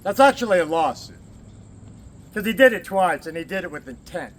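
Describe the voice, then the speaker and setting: A man's voice: high-pitched, expressive, normal speed, slight background noise. A man from the American Southwest, at least in his forties, talking candidly in a rambling personal vlog. He swears, laughs often and speaks in short bursts. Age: 40s or older. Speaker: vlogger.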